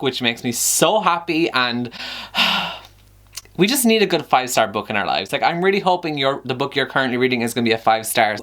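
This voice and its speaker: A man chatting excitedly at home for a book vlog, gushing about his reading. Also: medium pitch. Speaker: book vlogger. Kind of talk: casual vlog chat. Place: at home, moving between rooms.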